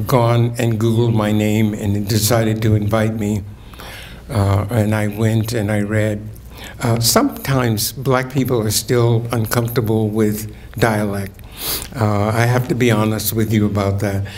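Older man, slow dramatic poetry reading. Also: on the low side, a little mellow, a little hiss or hum. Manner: slow, declamatory, rising to ringing emphasis on key words. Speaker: keynote speaker reading poetry. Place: event hall at a community breakfast.

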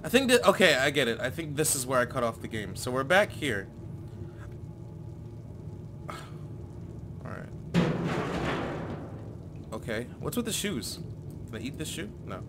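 A man giving casual gameplay commentary, cursing often and breaking into shouts at his character. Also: medium pitch, sing-song, a little slow, pauses often, very noisy. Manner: swearing, yells in bursts at the character. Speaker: gaming channel host.

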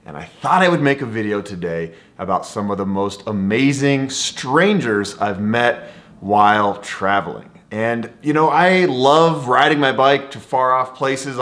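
A man's voice: medium pitch, a bit bright. A man and travel vlogger telling a story to camera in an enthusiastic, conversational way.

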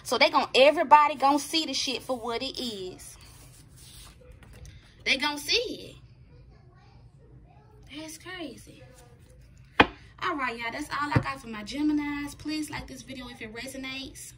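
A woman's voice: high voice, a little slow, long pauses, fairly bright tone, slight background noise. A woman giving a casual tarot reading, talking bluntly and profanely and checking in with her viewers. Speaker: tarot reader.

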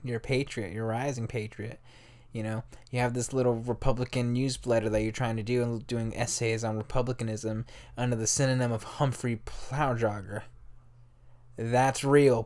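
A man's voice: medium pitch, a little mellow. A young man with a casual, rambling manner, retelling history as a storyteller and swearing freely. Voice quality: rambling, swears freely, talks straight to listeners. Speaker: history podcast host.

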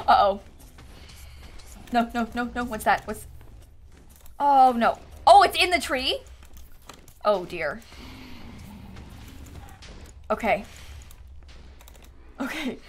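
A woman streaming a video game live, muttering softly to herself, then shrieking and laughing when things go wrong. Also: sits high, slow pace, pauses often, slight background noise. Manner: excitable, shrieks and laughs at setbacks. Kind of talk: live gameplay commentary.

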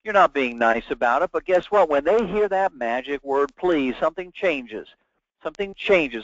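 A man's voice: a little high, expressive, measured pace, no room sound. A man giving a webinar lecture as a sales trainer, talking emphatically and acting out sample phone calls. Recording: dull, dry lo-fi webinar audio.

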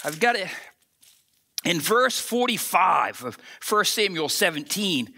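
A male pastor preaching a sermon, telling a scripture story with animated, acted-out delivery. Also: sits high, slow, vocal fry.

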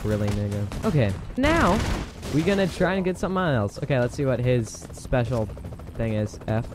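A young man casually commenting on a game as he plays, excitable and quick to exclaim. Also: mid-range voice, background noise. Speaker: gameplay commentator. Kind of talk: casual let's play commentary. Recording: game music and gunfire loud behind voice. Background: game music and gunfire.

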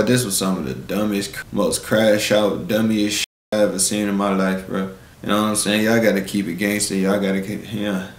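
Blunt slangy man ranting, echoey room. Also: lowish voice. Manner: blunt, preachy street slang, repeats "bro". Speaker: live-stream commentator. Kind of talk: casual commentary rant.

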